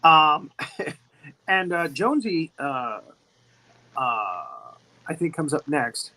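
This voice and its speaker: A man's voice: fairly high pitch, animated, slow pace, sharp tone, poor audio. A man hosting a casual movie discussion who rambles, repeats words and laughs often. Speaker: host.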